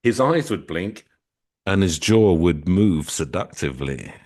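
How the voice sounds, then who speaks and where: A man co-hosting a comedy podcast, reading a story aloud and joking in a playful, deadpan way. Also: deep voice, unhurried. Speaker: podcast co-host.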